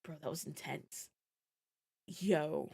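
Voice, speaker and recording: A woman's voice: deep voice, gravelly, mellow, breathy edge. A young woman streamer giving casual, slangy, joking commentary while playing a game. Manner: slangy, joking, quick reactions. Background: game music.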